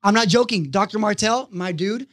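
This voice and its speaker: Miami dude cracking up while telling a story, really high voice. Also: male voice, normal speed. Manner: animated storyteller, laughing. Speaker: podcast co-host. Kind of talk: casual chat.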